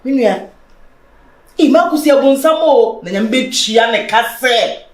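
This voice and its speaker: A woman's voice: on the high side, lively intonation, unhurried. An actress with a Ghanaian accent playing a young woman wronged by her lover, lamenting and pleading in mixed Twi and English. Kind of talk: Ghanaian film acting. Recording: echoey room.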